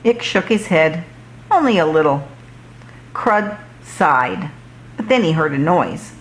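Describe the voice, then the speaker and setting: A woman reading a children's book aloud in a slow, expressive storytelling voice. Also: low voice.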